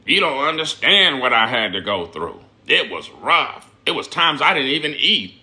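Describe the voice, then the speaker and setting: A man's voice: medium pitch, very animated, pushed and bright. A man mocking a whiny, self-pitying parent. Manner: mocking, drawn-out complaining. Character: whiny parent claiming a hard childhood.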